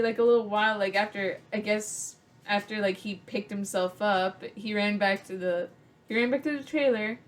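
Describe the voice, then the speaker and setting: A young woman tells a story for her vlog in a loose, rambling way. Her speech is full of "like" fillers and restarts, and her voice sits at an ordinary middle pitch. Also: moderate pace. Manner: rambling, filler-heavy with many likes. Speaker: vlogger.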